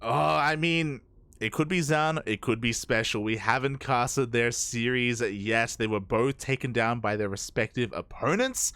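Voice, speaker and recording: A man casting a live esports match, excitable and rambling as he chats and laughs with his co-caster. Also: medium pitch, a little slow, smooth, no room sound. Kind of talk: casual live game commentary.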